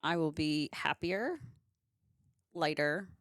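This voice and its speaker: A woman with a low voice reads out a list of her own written goals in a calm, even manner. The recording is dry and close. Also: slow pace, dry recording. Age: young adult or middle-aged, has kids. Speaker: coaching client. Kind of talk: reading her written answers aloud.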